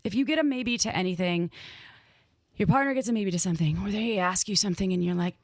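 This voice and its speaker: Frank, animated woman in her thirties. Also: brisk, no echo. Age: 30s. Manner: frank and animated, swinging up and down in pitch. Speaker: podcast co-host. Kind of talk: candid casual chat.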